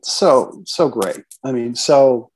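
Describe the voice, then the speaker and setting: A man's voice: mid-range voice, animated, slow pace, darkish tone. Middle-aged writer guy hosting an interview, easygoing, chuckles a lot, average voice. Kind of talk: conversational interview.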